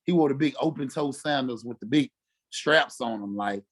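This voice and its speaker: A former football player from Mississippi, telling stories casually and acting out quotes with lots of "you know what I'm saying". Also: male voice, medium pitch, moderate pace. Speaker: former NFL fullback, podcast guest. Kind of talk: casual storytelling interview.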